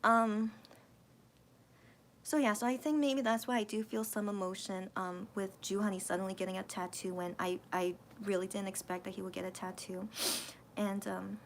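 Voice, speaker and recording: Gravelly-voiced woman chatting on a livestream. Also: medium pitch, flat delivery, moderate pace, a little hiss or hum. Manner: hesitant, thinking aloud with many restarts. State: emotional, voice cracking near tears. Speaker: livestream host reading viewer comments. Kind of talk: casual late-night livestream chat.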